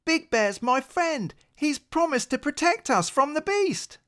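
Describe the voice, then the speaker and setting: A man voicing an excited little bunny boy. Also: very high-pitched, a little slow, voice pushed up, full character voice. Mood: reassuring. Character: small eager young male rabbit. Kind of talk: storybook read-aloud.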